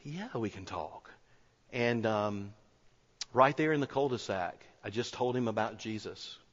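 Earnest pastor in an echoey hall. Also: male voice, on the low side, measured pace. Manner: earnest, conversational storytelling with restarts. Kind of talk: sermon told as a personal story. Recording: echoey hall, dull lo-fi sound.

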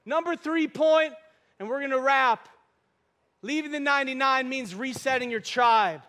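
High-voiced impassioned male preacher. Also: normal speed. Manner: impassioned, often shouting, with humor. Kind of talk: sermon.

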